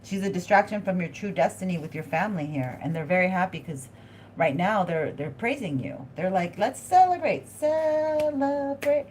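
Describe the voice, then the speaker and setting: A woman with a fairly low voice hosts a live tarot reading. She talks straight to her viewers and thinks aloud in a chatty, excitable way. A faint hiss of noise sits behind her. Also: fairly quick. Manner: addresses viewers directly. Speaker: tarot reader hosting a live stream.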